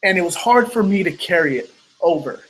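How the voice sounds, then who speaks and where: A motivational speaker telling a personal story in an earnest storytelling manner, acting out the quoted lines, over an online video call. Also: male voice, high-pitched, lively intonation, a little fast, a bit bright, low-quality recording.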